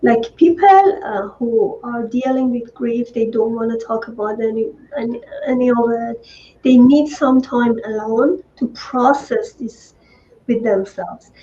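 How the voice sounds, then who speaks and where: A woman host talks very slowly and reflectively, slipping in frequent "uh"s. The audio sounds dull and muffled, like a lo-fi video call, and her voice sits somewhat high. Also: warm tone. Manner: measured, reflective, many fillers. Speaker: host, coach. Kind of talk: interview talk.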